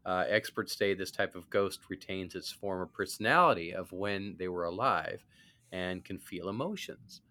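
A man's voice: sits low, normal speed, sharp tone. A man co-hosting a talk show, chatting casually and easygoing with plenty of fillers. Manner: easygoing, lots of fillers, self-described skeptic. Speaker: podcast co-host. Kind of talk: casual chat.

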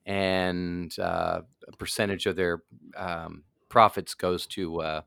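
A man's voice: deep voice, flat delivery, slow pace, vocal fry, a bit bright, clear, resonant tone, no room sound, studio quality. A man in his fifties, a podcast guest in casual chat, joking and brash with many fillers.

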